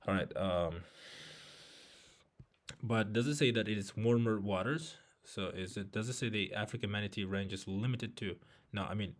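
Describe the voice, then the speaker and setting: A man working through an exam reading passage, thinking aloud with many fillers and restarts. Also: lowish voice. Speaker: IELTS tutor. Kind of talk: walkthrough of a reading test.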